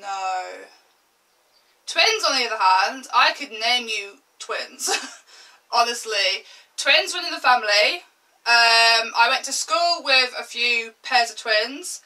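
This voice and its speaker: Young woman beauty vlogger, casual and dramatic delivery, bright voice recorded slightly off-mic. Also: fairly high pitch, takes it slowly, recorded from a distance, low-quality recording. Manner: lively, swearing, exaggerating for laughs. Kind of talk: chatty get-ready-with-me vlog.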